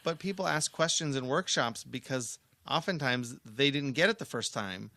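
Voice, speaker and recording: A man in a relaxed podcast chat, rambling through a story and often talking over his co-host. His voice is bright and forward. It sounds dry and close to the mic. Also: medium pitch, moderate pace, no echo. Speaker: workshop trainer. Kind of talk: casual chat.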